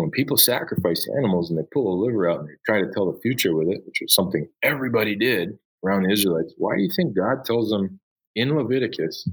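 A middle-aged man, a high school Bible teacher, telling classroom stories with enthusiasm in an interview. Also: breathy edge, rough recording. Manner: enthusiastic storyteller, acts out voices. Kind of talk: conversational interview.

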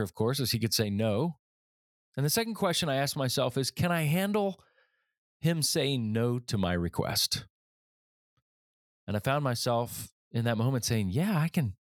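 Male podcast host, 40s, earnest storyteller, middle pitch, dry booth sound. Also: dry recording. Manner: earnest, animated when quoting others. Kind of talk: storytelling monologue.

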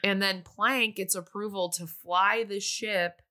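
A woman's voice: medium pitch, steady tone, a little slow, pushed and bright. A woman casually recapping a movie plot in a chatty way, sometimes briefly acting out the characters' lines.

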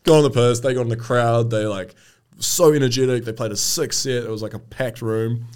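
A man's voice: medium pitch, steady tone, brisk, darkish tone, clean tone. A man with a New Zealand accent, a DJ telling stories in a casual podcast chat, laid-back and swearing freely. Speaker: DJ guest.

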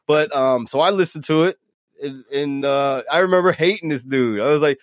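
A man's voice: a little high, normal speed, no echo, clean studio sound. A man from the US East Coast co-hosting a podcast, talking loosely, profanely and enthusiastically. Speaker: podcast co-host. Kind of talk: casual podcast chat.

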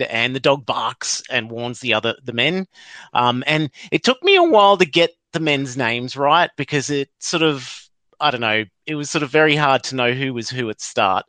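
A man's voice: mid-range voice, sharp tone, dry recording. A man hosts a casual chat, recapping an episode in a rambling way and chuckling as he goes. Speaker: podcast host.

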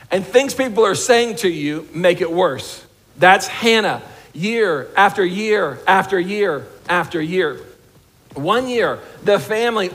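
Man, high-pitched voice, pastor preaching, conversational with humor, soft emphatic drops. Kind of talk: sermon.

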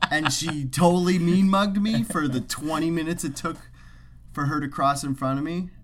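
A man's voice: on the high side, moderate pace, a little hiss or hum. A man co-hosting a casual podcast, telling joking, rambling stories and swearing freely. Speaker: podcast co-host.

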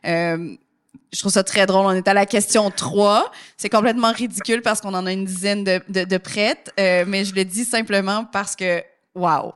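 A woman hosts a casual interview, with quick, enthusiastic phrasing full of fillers. Her voice sits at a middle pitch. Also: fairly even intonation, smooth. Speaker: podcast host.

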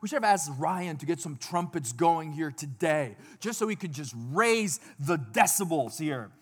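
A man's voice: a little high, lively intonation, moderate pace, husky. Dynamic preaching man in a reverberant hall. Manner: dynamic, swinging between loud exclamations and hushed asides. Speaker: pastor. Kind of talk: sermon. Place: church sanctuary.

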